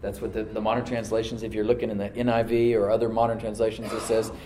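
A man preaching to a congregation, reading scripture aloud and then dropping to a soft voice to stress a point, calling for responses from the room. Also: lowish voice, little pitch movement, fast, reverberant, slight background noise, rough recording. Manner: asks the congregation to answer back. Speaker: pastor. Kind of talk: sermon. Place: church service with a live congregation.

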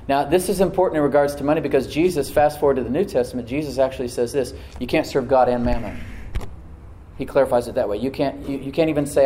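Male pastor, middle-aged, mellow tone, emphatic sermon delivery with call-and-response. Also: mid-range voice, a little fast, slight background noise, low-quality recording. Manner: dramatic shifts between loud emphasis and hushed asides.

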